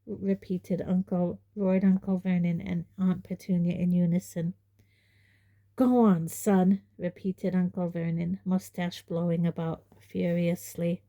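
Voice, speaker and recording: A woman narrating an audiobook in a measured, even way. Her voice is very dark and mellow, and she takes an unhurried pace. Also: lowish voice. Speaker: audiobook reader.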